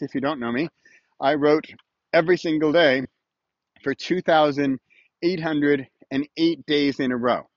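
A man's voice: on the high side, dry recording, muffled recording. A man hosting his own weekly video podcast, chatting casually and rambling a little while he films himself outdoors. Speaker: podcast host. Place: outdoors with a morning view.

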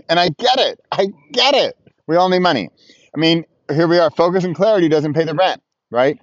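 A man's voice: on the high side, animated, quick pace, dry recording, muffled recording. A man talking casually to the camera outdoors, chatty and self-mocking, laughing often. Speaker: vlogger. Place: outdoors on a frosty beach with his dog.

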